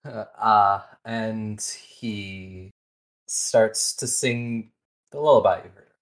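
A game master narrating a tabletop role-playing game. The speech is slow and soft, full of ums and restarts. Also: mid-range voice, steady tone, rough recording. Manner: soft-spoken, hesitant with many fillers.

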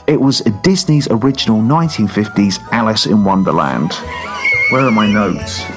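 A man's voice: lowish voice, animated, normal speed, music in the background. A man co-hosting a comedy podcast, rambling through a film review with many ums and restarts. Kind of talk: casual comedy chat.

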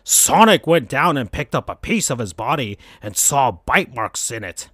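A man hosting a podcast, reading absurd fan fiction aloud in a slow deadpan. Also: medium pitch, breathy edge, no room sound, clean studio sound. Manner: slow, deadpan, breaks into laughter. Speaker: podcast host.

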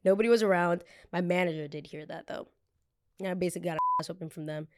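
A blunt, animated young woman from New Jersey hosting a casual storytime podcast. She swears freely and acts out what other people said. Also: lowish voice, quick pace. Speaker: podcast host.

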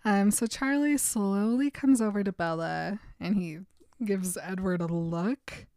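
A woman's voice: mid-range voice, unhurried, darkish tone, no echo, studio quality. Giggly young woman retelling a book. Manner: chatty and giggly. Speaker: podcast co-host. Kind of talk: casual chat retelling a book.

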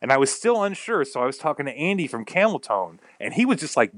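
A man's voice: fairly high pitch, sing-song, quick pace, few pauses, fairly bright tone, no room sound. A man chatting casually as a podcast guest, rambling through a story and acting out what people said. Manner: rambling storyteller who acts out quotes. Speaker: podcast guest, pedal builder.

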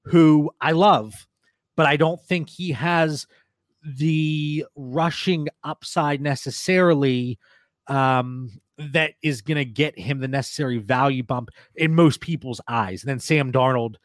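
A man's voice: on the high side, unhurried, no room sound, clean studio sound. A man co-hosting a casual podcast discussion, steering the talk and passing questions to his co-hosts. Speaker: podcast co-host, fantasy football analyst.

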